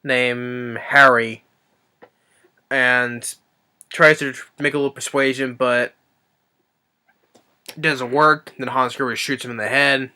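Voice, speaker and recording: Bright, clear-voiced man rambling through a movie recap. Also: mid-range voice, fairly even intonation, slow pace, long pauses. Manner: rambling and enthusiastic, acts out quotes. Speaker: movie reviewer. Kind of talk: casual movie plot recap.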